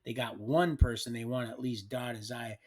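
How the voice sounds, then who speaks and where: Speaking at a normal speed through a streaming mic, this livestream storyteller has a steady, medium-pitched voice with a somewhat dark tone. He tells his life story loosely and colloquially, wandering and frequently starting over.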